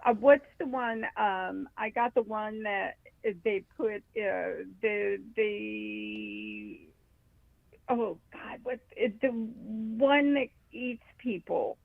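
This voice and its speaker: Slow, gravelly woman caller on phone. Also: mid-range voice, expressive, no room sound. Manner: rambling, searching for words. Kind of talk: phone call-in chat. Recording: tinny phone line.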